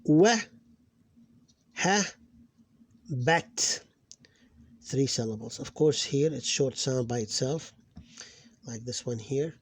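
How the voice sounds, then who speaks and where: A man teaching a phonics lesson, explaining step by step and sounding out syllables loudly. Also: mid-range voice, unhurried, slightly rough, no echo.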